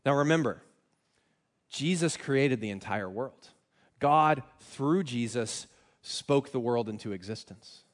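A man's voice: medium pitch, animated, takes it slowly. A young man preaching a sermon in a conversational, self-deprecating way, with frequent restarts. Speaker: pastor.

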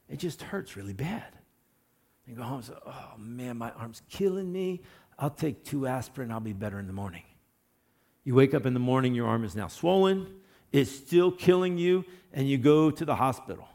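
A man preaching in a relaxed, conversational way, his voice gravelly with a husky edge. He weaves in folksy stories and joking asides and sometimes gets loud to act out a scene. He speaks at a medium pitch. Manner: loud bursts when acting out scenes. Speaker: pastor. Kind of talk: conversational sermon.

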